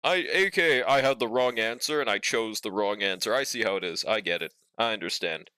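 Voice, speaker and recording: Bright, crisp young male streamer. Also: fairly low pitch, brisk, dry recording. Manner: laid-back, joking, talks to chat, swears casually. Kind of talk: casual live-stream chat.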